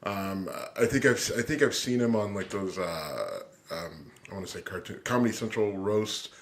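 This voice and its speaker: A man's voice: lowish voice, lively intonation, moderate pace. A man co-hosting a casual podcast in a studio, laid-back and hesitant, often stopping and restarting. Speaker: podcast co-host.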